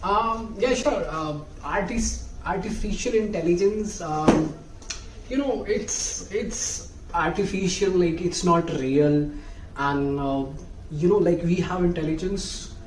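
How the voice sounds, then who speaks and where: A man voicing a flustered young student who stumbles and then pleads for secrecy. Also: sits high. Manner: halting, pleading. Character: flustered young male student cheating on a project. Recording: roomy, distant mic, faint hiss.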